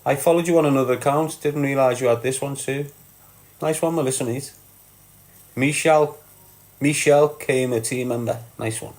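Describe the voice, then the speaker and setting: A man's voice: mid-range voice, normal speed, a little mellow. Sweary Scouse man chatting on a livestream. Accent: Liverpool (Scouse). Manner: blunt and sweary, calls viewers "lad" and "mate". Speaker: live streamer. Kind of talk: casual live-stream chat, reading viewer comments.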